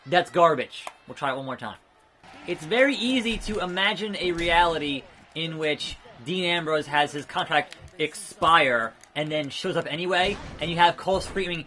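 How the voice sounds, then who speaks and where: Bright-voiced man doing game commentary. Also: a little high, lively intonation, normal speed. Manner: chatty, rambling, blurts out move names. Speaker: gaming video creator. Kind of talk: let's play commentary.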